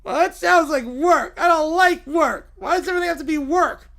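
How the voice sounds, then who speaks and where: A man voicing a grumpy little bear cub who whines, stretches his words and shouts his complaints about work. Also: very high-pitched, creaky, pitched above the performer's own voice, exaggerated voice. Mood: whiny complaining. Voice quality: whiny, complaining. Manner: drawn-out, loud, near-shouted protests.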